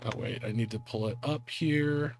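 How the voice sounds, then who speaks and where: A man's voice: mid-range voice, normal speed, vocal fry. A man narrating as game master of a tabletop game, chatty and laughing as he goes, with music behind him.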